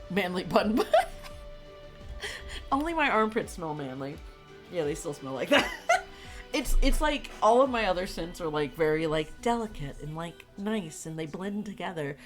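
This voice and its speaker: A woman's voice: fairly low pitch, big pitch swings, a little slow. A young woman streaming, congested and tired, chatting loosely with viewers and laughing often. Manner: rambling, frequent laughs and fillers. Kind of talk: casual chat with stream viewers. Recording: faint music behind.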